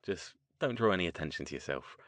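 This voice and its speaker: Fields: Figure: middle-aged occult mage played by a man. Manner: measured, wry, composed. Pitch: low. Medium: audiobook. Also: lively intonation, a bit bright, no echo.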